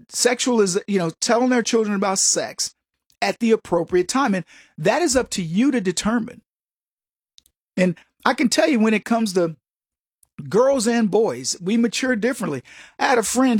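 Chuckling, husky, high-voiced male radio host. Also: no echo, clean studio sound. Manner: chuckling, conversational, emphatic asides. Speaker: radio talk show host. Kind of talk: political talk radio monologue.

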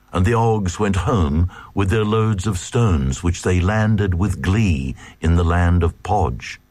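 A man's voice: low voice, a little mellow, dry recording. A man giving a dramatic reading of a comic verse tale in a rhythmic, sing-song delivery. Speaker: reader.

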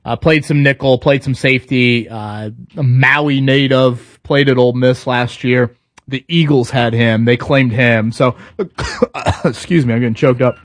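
A man's voice: medium pitch, fairly even intonation, moderate pace, no echo. Guy cohosting a sports show, chatty, lots of ums, dry mic. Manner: conversational, stop-start with fillers. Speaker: sports radio co-host. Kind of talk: casual sports talk.

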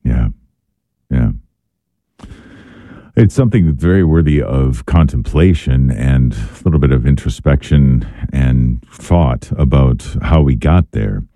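A man hosting a faith radio call-in show, asking long, measured questions with fillers. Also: rumbling low, expressive, mellow, no echo, studio quality. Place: radio studio.

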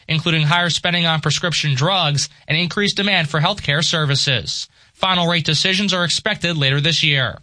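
A man reading a radio news bulletin in a crisp, measured newsreader delivery. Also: a little high, sharp tone. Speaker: radio newscaster.

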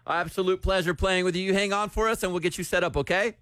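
A male radio host with a slightly higher voice, quick and joking as he chats with callers. His voice is close and dry in a studio booth. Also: steady tone, a bit bright, no room sound. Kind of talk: lively morning radio banter.

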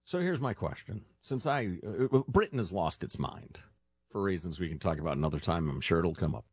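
A man's voice: low voice, expressive, breathy edge, no room sound. A man co-hosting a radio talk show, jokey and teasing in casual banter. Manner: jokey, teasing, quick to laugh.

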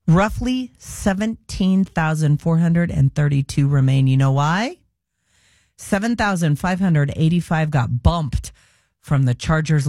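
A woman's voice: lowish voice, darkish tone, no echo, clean studio sound. A woman hosting a morning radio show, chatting loosely and upbeat as she signs off with station plugs. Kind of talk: radio DJ sign-off chat. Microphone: studio microphone.

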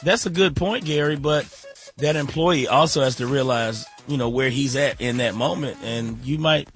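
A man's voice: medium pitch, moderate pace, a bit bright, soft background music. A man co-hosting a radio morning show, arguing his point persuasively and checking if others agree. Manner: reasoning, persuasive, asks for agreement. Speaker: radio co-host. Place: radio studio.

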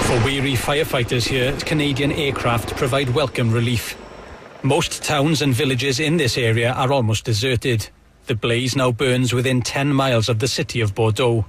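Man, field reporter, news report voice-over, faint background noise, steady delivery. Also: mid-range voice. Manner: steady, measured narration. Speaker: correspondent.

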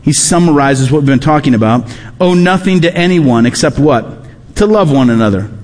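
A man with a high, light voice preaches a sermon, earnest and driving his main points home by repeating them. The sound carries a long reverb, like a church hall. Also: animated, normal speed, darkish tone. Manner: earnest, repeats key phrases for emphasis. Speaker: pastor.

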